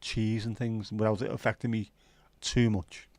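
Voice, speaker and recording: A man's voice: lowish voice, little pitch movement, moderate pace, darkish tone, no echo. Cheeky man chatting to viewers. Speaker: livestream host. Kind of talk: casual chat reading viewer comments.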